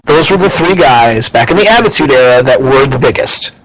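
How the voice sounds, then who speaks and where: A man co-hosts a casual wrestling podcast, rambling and opinionated, swearing freely and often restarting sentences. His medium-pitched voice is expressive, a bit bright, and a little fast, but the audio quality is poor.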